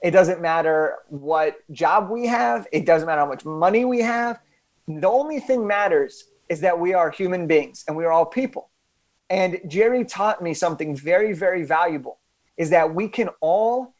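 A young man with a fairly high voice tells a story as a podcast guest. He talks with animated emphasis, often restarting his sentences as he builds the story. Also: normal speed.

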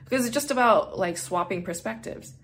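A woman's voice: mid-range voice, a little fast, slightly rough. A woman hosting a podcast who chats casually and candidly, swearing freely and laughing often; English is her second language. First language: not English. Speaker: podcast host.

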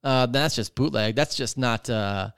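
In clean, dry studio sound, a podcast host rants and rambles animatedly, swearing a lot and using many fillers. His medium-pitched voice is unhurried, gravelly yet smooth.

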